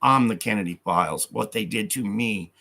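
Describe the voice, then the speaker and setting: A man ranting on a live stream, reading hostile comments aloud and firing back with angry profanity. His voice sits low, with a husky, raspy grain and a gravelly fry. He speaks of God and his own story with fervent conviction. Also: moderate pace, bright, forceful tone.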